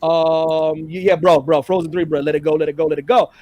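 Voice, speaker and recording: Man, high voice, stream host, slangy, casual banter. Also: level tone, a little fast, dark tone, no echo. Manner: slangy, loose, hypes up the chat.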